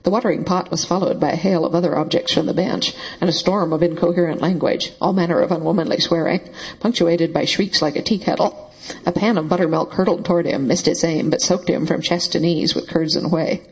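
Breathy, husky male audiobook narrator. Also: fairly high pitch, steady tone, a little fast, rough recording. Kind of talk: scripted narration.

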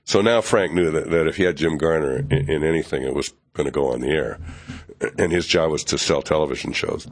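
An older man, a television writer and producer, telling a behind-the-scenes story in an interview, animated and acting out other people's lines, with frequent fillers and restarts. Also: rumbling low, fairly quick.

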